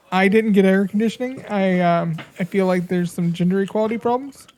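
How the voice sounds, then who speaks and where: A female co-host joking in a hesitant, stammering deadpan way. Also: medium pitch, normal speed. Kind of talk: comedic banter.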